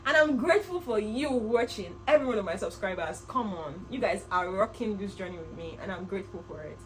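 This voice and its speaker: A young woman in her twenties, a vlogger telling a personal story to camera in an earnest, animated way. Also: medium pitch, a little fast, low-quality recording. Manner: earnest, animated, with laughs and reenacted quotes.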